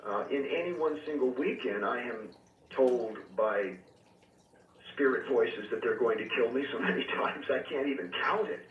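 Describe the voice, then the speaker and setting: A man who is a reverend and exorcist, calling in as a radio guest and earnestly recounting his experiences with measured pauses and fillers. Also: medium pitch, expressive. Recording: tinny phone line, echoey and distant, faint hiss.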